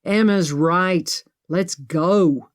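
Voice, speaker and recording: A woman's voice: on the low side, very slow. A woman narrator voicing a worn-out, impatient man who pleads and snaps. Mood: exasperated. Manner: exasperated, pleading.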